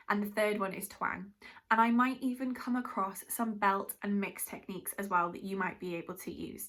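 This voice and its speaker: A British drama teacher leads a musical theatre masterclass, chatty and explanatory in manner, and aware of herself. Her voice is mid-range with a fairly bright tone.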